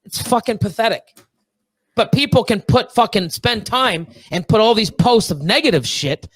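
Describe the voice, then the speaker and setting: A man in his thirties from Canada chats as a podcast guest in a slightly high voice. He is excitable and rambling, peppering his talk with swearing, fillers and restarts. The sound is close and dry. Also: normal speed, slightly rough, no room sound. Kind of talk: casual chat.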